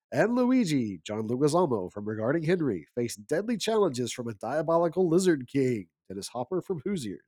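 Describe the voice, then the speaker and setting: A man's voice: medium pitch, mellow, dry recording, studio quality. A man co-hosting a casual podcast, making wry punny jokes and reading aloud. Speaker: podcast co-host.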